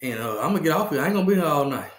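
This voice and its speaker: A man's voice: fairly high pitch, animated, very fast, a bit bright, reverberant. A man hosting a casual comedic podcast monologue, playfully trash-talking, laughing often and repeating his lines. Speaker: podcast host.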